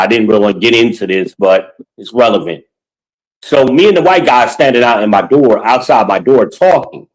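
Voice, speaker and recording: A middle-aged man with a mid-pitched voice talks through a casual podcast monologue. His delivery is blunt and full of profanity, the sound of someone venting opinions and stories straight to his listeners. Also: low-quality recording. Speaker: podcast host.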